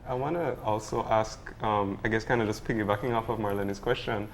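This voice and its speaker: Male co-host, somewhat low voice, hesitant, filler-heavy questions. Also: fairly even intonation, brisk, slight background noise. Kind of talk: interview questions.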